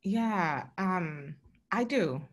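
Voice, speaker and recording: A woman with a lower-pitched voice, speaking candidly and from the heart. She is a panelist on a virtual discussion, talking over a video call. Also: animated, drawn-out words.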